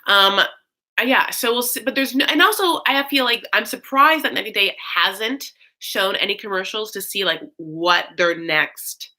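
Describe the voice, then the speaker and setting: A woman's voice: medium pitch, moderate pace, bright, forceful tone. A young woman hosting a casual livestream, rambling with lots of fillers and gushing thanks to her viewers. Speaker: host of a live recap stream.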